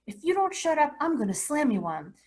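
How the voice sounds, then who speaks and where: A woman doing a shouting, angry college roommate. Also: high voice, sing-song, fairly quick, voice pushed up. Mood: threatening. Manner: shouting threats.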